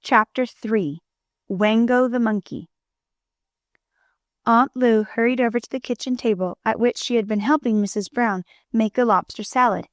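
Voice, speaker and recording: A woman reading a children's storybook aloud as an audiobook narrator, in a gentle, clear manner, lightly voicing the characters. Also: on the high side, normal speed, dry recording, studio quality.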